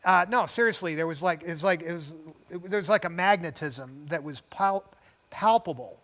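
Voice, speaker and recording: Older man, high-pitched voice, rambling casual storyteller, chuckling, tangents and restarts. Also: normal speed, fairly bright tone. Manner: chuckles between phrases. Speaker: co-host.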